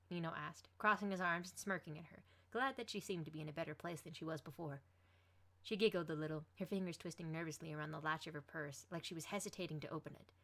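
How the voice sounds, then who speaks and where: A woman reading a fan fiction story aloud, expressive as she voices each character. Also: fairly low pitch, fast.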